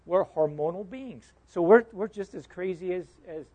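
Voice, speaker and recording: A man with a fairly high voice teaches a Bible class as a pastor. He is animated and conversational, tosses questions to his listeners, and often doubles back on his own words mid-sentence. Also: moderate pace. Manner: animated, quizzes listeners, repeats and restarts words.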